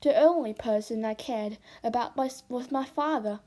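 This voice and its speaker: A woman reads a children's novel aloud in a fairly high voice. Her storytelling is slow and expressive. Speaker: storybook reader.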